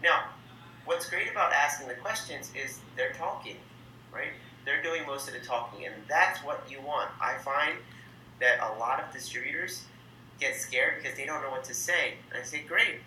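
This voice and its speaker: A man's voice: mid-range voice, normal speed, pushed and bright, a little hiss or hum. A man hosting a training lesson, explaining step by step in an upbeat coaching manner and acting out sample exchanges. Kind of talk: instructional talk to camera. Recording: echoey room with faint ambience.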